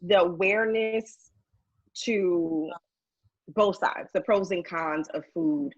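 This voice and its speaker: A woman's voice: fairly low pitch, takes it slowly, husky, no echo. Rambling woman on a dull, dry mic. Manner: rambling, heavy use of like and you know. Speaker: podcast guest. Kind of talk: casual podcast conversation.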